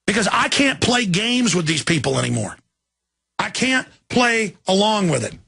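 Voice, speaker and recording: A man delivering an angry political rant as a talk show host, repeating himself and breaking into shouts. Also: high voice, big pitch swings, moderate pace. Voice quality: gravelly, raspy.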